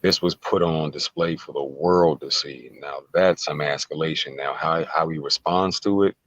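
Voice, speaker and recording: A man's voice: very deep voice, fairly even intonation, moderate pace, fairly bright tone, no room sound, highs cut off. A man talking as an interview guest, emphatic and casual, repeating words and firing rhetorical questions. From United States.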